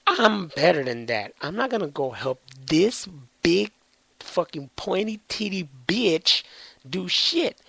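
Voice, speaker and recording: A man puts on a brash alien general who talks in cocky, profane slang. The voice climbs well above his normal pitch and gets loud. A gravelly edge sits under it in a dry space. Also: big pitch swings, slow pace, no room sound, heavily acted. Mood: defiant.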